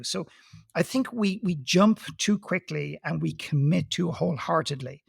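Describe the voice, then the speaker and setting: A man's voice: on the high side, unhurried, vocal fry, breathy edge, no room sound, clean studio sound. A man speaking as a guest coach on a podcast, talking emphatically and telling stories with acted-out quotes. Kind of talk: conversational podcast interview.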